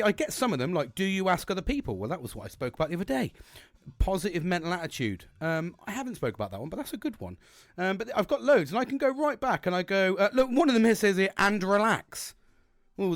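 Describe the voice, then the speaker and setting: A man's voice: high voice, dry recording. A man in his forties hosts a solo podcast with a somewhat raised voice. He rambles, swears constantly and pokes fun at himself. His voice sounds dry, with no room around it. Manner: rambling, heavy swearing, frank and self-mocking. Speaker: podcast host.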